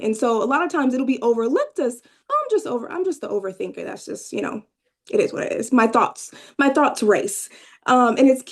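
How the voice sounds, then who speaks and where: A woman with a fairly high voice leads a workshop, chatting directly with her listeners and tossing them questions. She tags many of her points with "right?" and lifts her voice when she acts out what people tell her. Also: a little mellow. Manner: conversational, asks the audience questions, frequent "right?" tags; acts out clients' inner voices with rising pitch. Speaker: workshop presenter, therapist trainee. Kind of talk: live workshop talk to room and video call.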